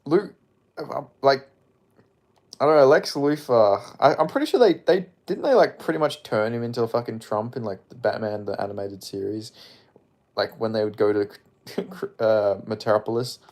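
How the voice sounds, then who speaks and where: A man with a medium-pitched, slightly mellow voice talks at a moderate pace on a casual livestream. He rambles offhandedly, swears often, and reads viewer comments aloud.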